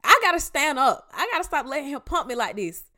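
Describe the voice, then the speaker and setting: A woman with a Georgia Southern accent hosts a devotional podcast, speaking in a high, bright voice. She exhorts her listeners emphatically, and her pitch swings widely as she mixes slang with preaching. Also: very animated, quick pace. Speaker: podcast host. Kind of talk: casual devotional podcast talk.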